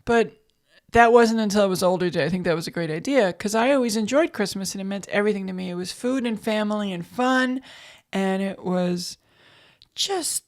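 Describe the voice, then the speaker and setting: A woman's voice: medium pitch, brisk. A woman co-hosting a casual podcast chat, joking and self-mocking. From United States. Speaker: podcast co-host.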